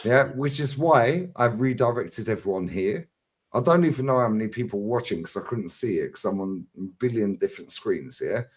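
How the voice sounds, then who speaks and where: A man's voice: on the low side, lively intonation, moderate pace, slightly rough. Combative middle-aged man ranting. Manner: combative, emphatic, constant "yeah?" tags. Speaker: fan channel streamer. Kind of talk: heated livestream debate.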